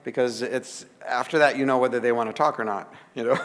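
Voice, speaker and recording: A man telling a lively anecdote to an audience, laughing and acting out the dialogue. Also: mid-range voice, brisk, in a large hall. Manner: lively, chatty storytelling with laughs and acted-out dialogue. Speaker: author giving a talk. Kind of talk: storytelling anecdote to a live audience.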